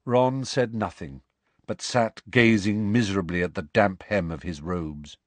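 A man narrating an audiobook with an expressive, varied reading. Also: low voice, a little slow, no room sound.

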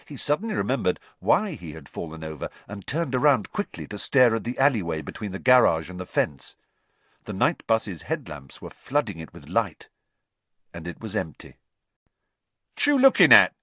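A man narrates an audiobook with an expressive, storytelling style. His voice is deep, his pace normal, and there's no echo.

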